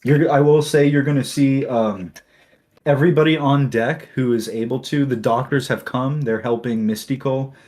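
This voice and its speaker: A man narrating as game master of a tabletop game, in a relaxed, laid-back way. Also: mid-range voice, normal speed.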